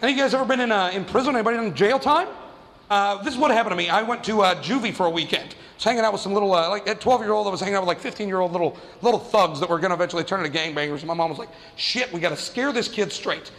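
A man doing stand-up, telling a story in an animated way and jumping into quoted voices. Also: high-pitched, racing, long reverb tail. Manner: animated, acts out quoted voices with big jumps. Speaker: stand-up comedian.

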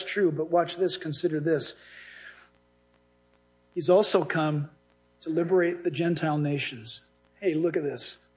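Man, pastor, high voice, lively humorous sermon, acts out dialogue.

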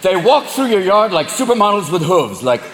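A man doing stand-up comedy, animated and profane, acting out voices before a live audience. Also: sits high, moderate pace, very noisy. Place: large venue with audience. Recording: echoey live venue, loud crowd laughter.

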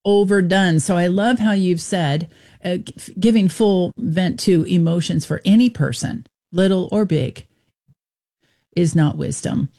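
Woman radio host, middle-aged, mellow voice, earnest chatty delivery. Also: lowish voice, unhurried. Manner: earnest, conversational, with brief laughs and restarts. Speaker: radio talk show host. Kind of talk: Christian talk radio conversation.

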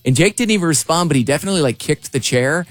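A man's voice: fairly high pitch, animated, racing, no room sound. A man co-hosting a morning radio show, asking questions in an easygoing, teasing way. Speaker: radio co-host. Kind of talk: casual morning radio chat.

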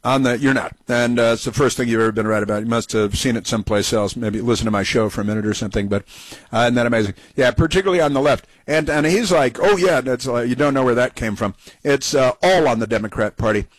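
A middle-aged man hosts an opinionated talk radio show. He jabs in sarcastic, scornful asides, and his voice sits at a middle pitch. The sound is dry and close, with no room around it. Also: fast, no echo, low-quality recording.

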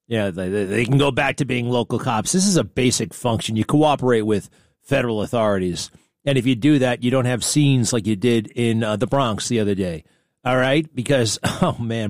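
A man hosting a talk show, commenting on debate clips in a sarcastic, animated way, his voice jumping up when excited. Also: mid-range voice, moderate pace, dry recording, studio quality.

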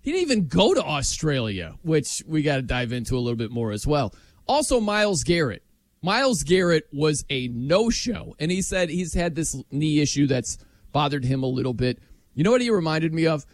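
A man hosting a sports talk show, animated and jokey, often laughing as he talks. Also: on the high side, normal speed, no echo. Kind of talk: casual sports chat.

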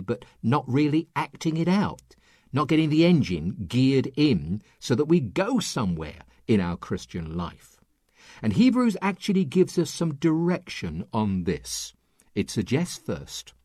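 A man preaching a radio sermon, with lively rises and falls and dramatic pauses. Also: lowish voice, no room sound, clean studio sound. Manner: lively, rising and falling delivery with dramatic pauses.

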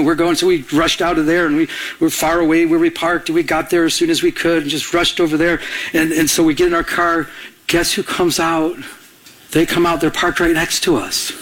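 Animated pastor preaching a story. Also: male voice, a little high. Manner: animated storytelling, laughs at himself. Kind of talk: sermon with a personal story.

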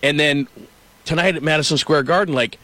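Dry-voiced middle-aged sports talk host. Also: male voice, on the high side, fairly quick, dry recording. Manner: storytelling, animated.

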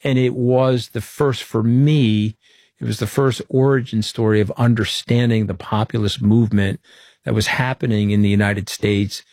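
Recorded with clean studio sound and no echo, a middle-aged man with a voice on the low side speaks at a moderate pace. He's an animated storyteller guesting on an interview, conversationally recounting tales and acting out the quoted lines.

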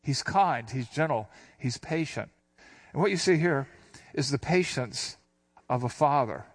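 A man's voice: medium pitch, animated. Older male pastor teaching scripture. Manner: conversational teaching, reading scripture aloud slowly. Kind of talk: sermon.

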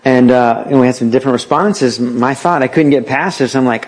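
Male preacher with a husky voice, mid-pitched and conversational. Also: brisk. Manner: conversational preaching with acted-out quotes. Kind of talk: sermon.

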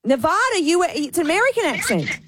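A woman with an Irish accent hosting a casual radio show, hesitant and self-deprecating, quick to laugh. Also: very high-pitched, very animated, background noise. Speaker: radio host.

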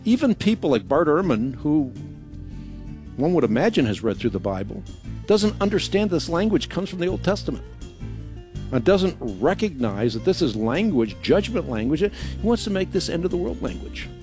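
A man's voice: on the high side, sing-song, moderate pace, a little mellow, faint music behind. A man hosting a radio broadcast, explaining scripture emphatically with rhetorical questions. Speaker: radio show host answering Bible questions.

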